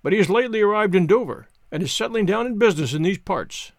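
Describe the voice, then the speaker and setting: Brief: male reader as a bustling old innkeeper, folksy and deferential, lively pitch. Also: quick pace, gravelly, dry recording, clean studio sound. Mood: eager.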